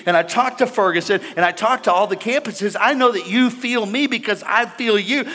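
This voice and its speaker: High, bright-voiced preacher in a reverberant hall. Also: male voice. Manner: animated preaching with call-and-response and jokes. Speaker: pastor. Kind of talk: sermon. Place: large church hall with congregation.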